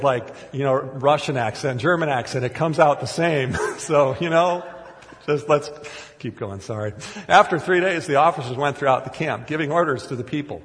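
A pastor from Minnesota preaches a sermon in a church sanctuary, his medium-pitched voice at a normal speed trailing into a long reverb tail. His delivery is conversational and self-deprecating, with frequent restarts and asides.

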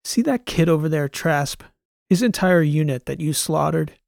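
A man voicing a hard, cynical male veteran soldier who talks gruffly and with contempt. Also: a little high, lively intonation, normal speed, a little mellow, dry recording, clean studio sound. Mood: menacing contempt.

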